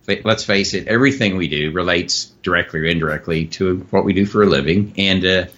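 A man with a lowish voice joins a podcast as a guest. He banters and cracks jokes in a loose, playful way. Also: brisk, fairly bright tone, muffled recording. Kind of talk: casual interview chat.

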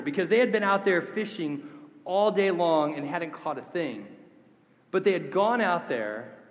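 A man's voice: fairly high pitch, big-room sound. A man preaching a sermon, earnest and conversational, mixing scripture with personal stories. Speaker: pastor.

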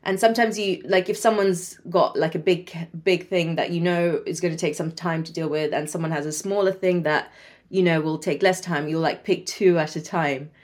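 Here is a woman speaking as a guest on a podcast, with a fairly low voice. She talks casually and chattily, often breaks into laughter, and uses lots of fillers. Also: fairly even intonation, moderate pace. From Sri Lanka. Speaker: guest, medical doctor.

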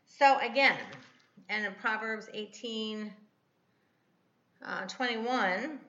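A woman's voice: fairly high pitch, slow pace, pushed and bright, reverberant, lo-fi sound. A woman in her fifties, a podcast host rambling and correcting herself in a casual devotional talk. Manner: chatty, rambling, self-correcting.

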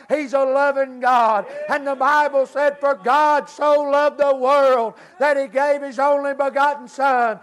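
A man's voice: extremely high pitch, fairly bright tone. A middle-aged man, preaching a fervent sermon to a church congregation and dropping in "amen" and "praise God" between his sentences. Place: church service.

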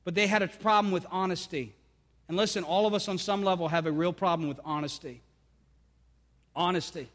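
High-voiced fervent male preacher, echoing hall. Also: fairly quick, long pauses, fairly bright tone. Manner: fervent preaching, rising to emphatic peaks; calls to the congregation. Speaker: pastor. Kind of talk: sermon. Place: church sanctuary. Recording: long reverb of a church hall.

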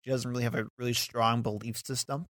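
A man co-hosting a political podcast in casual chat, talkative and quick to laugh. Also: medium pitch, flat delivery, fairly bright tone, dry recording, clean studio sound. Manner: talkative, laughs often, hedging asides. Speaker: podcast co-host.

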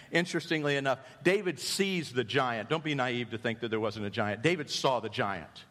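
Animated preacher in an echoing hall. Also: male voice, mid-range voice, normal speed, few pauses. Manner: animated storytelling preacher, swings between loud and hushed. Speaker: pastor. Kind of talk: sermon. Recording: long hall reverb.

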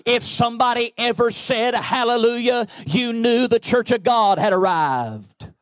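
A man preaching a sermon, with a sing-song cadence, folksy storytelling and bursts of shouting. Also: very high voice, unhurried, no room sound. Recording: dry close sound with faint music behind.

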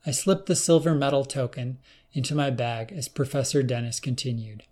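A man narrating a first-person story in a measured, plain storytelling manner. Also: mid-range voice, darkish tone.

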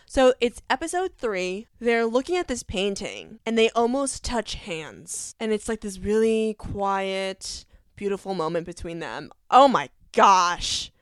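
Gushing young woman, smooth voice. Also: mid-range voice, big pitch swings, a little slow, no echo, clean studio sound. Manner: gushing, enthusiastic, lots of fillers. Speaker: podcast host. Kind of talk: casual solo chat.

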